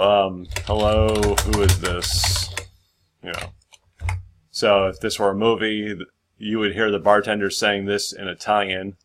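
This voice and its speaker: Deep-voiced man rambling through a tutorial. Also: gravelly, noisy background. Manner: rambling, full of fillers and restarts. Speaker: screenwriting tutor. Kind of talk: casual screen-share tutorial.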